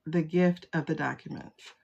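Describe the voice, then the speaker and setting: A woman's low, gravelly and mellow voice holds a steady tone at normal speed as she hosts a casual tarot reading livestream on her phone. Chatty and full of exclamations, she greets viewers by name, though the recording sounds muffled.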